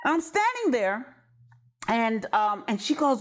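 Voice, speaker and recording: A woman's voice: on the high side, sing-song, slow. A woman preaching a sermon as a personal story, candid and conversational, with frequent asides to the listeners. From New York.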